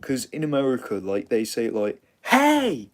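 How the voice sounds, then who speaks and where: Low, dark-voiced English man rambling. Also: steady tone, measured pace. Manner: rambling, with frequent "and yeah" fillers and restarts. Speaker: storyteller. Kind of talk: casual rambling story retelling.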